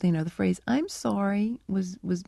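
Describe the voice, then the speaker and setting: A woman's voice: medium pitch, moderate pace, vocal fry, dark tone, no room sound. A middle-aged woman researcher answering interview questions, telling anecdotes thoughtfully and acting out remembered lines of dialogue. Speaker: animal researcher, interview guest. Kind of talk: radio interview, storytelling answers.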